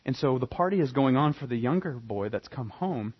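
A man preaching a sermon, telling the story with animated, dramatic emphasis. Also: mid-range voice, a little fast, husky. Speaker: pastor. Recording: dull lo-fi recording.

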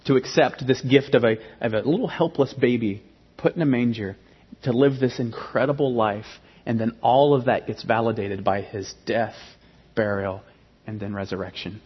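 A man in his thirties preaching a sermon as pastor, emphatic and animated, often restarting his phrases. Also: mid-range voice, moderate pace, husky. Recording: dull sound with long hall reverb.

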